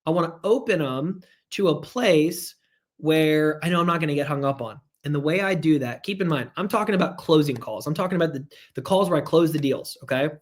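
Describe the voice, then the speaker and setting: A man with a somewhat high voice leads a live online sales training. He talks with energy, hammers his points home by repeating them and chats with viewers as he goes. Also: brisk.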